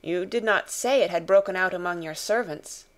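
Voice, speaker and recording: A woman reading a storybook voices a very young male officer, speaking low, slow and trembling. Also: lightly acted. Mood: grave. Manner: trembling, lowered and slowed.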